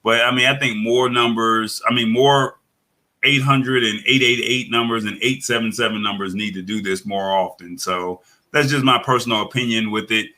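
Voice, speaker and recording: Male tech commentator, very bright tone, casual live chat, halting and full of fillers. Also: medium pitch, fairly even intonation. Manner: halting, many fillers and restarts.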